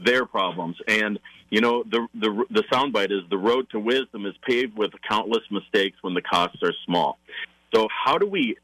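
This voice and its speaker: A man with a lowish, bright voice, talking as a guest on a radio show. He explains parenting steps with enthusiasm and acts out what parents and kids say. The sound is dry and close to the mic. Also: normal speed, dry recording, low-quality recording. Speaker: parenting class facilitator.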